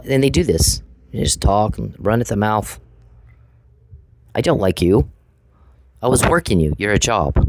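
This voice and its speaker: Man ranting with a lively, swinging pitch. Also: slight background noise, rough recording. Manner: angry, profane, addresses named people directly; repetitive, accusatory. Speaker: vlogger. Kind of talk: confrontational monologue.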